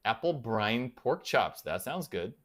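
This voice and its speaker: A man's voice: mid-range voice, sing-song, unhurried, fairly bright tone. A man hosting a casual livestream, chatting and answering viewer comments aloud in a playful, self-deprecating way. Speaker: livestream host of a guitar channel. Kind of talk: casual live-chat banter.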